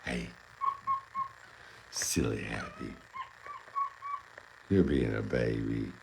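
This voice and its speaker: A man's voice: extremely low pitch, very slow, vocal fry, noisy background. A man hosting a casual vlog, talking playfully and coaxingly to his pet monkey. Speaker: pet owner and channel host.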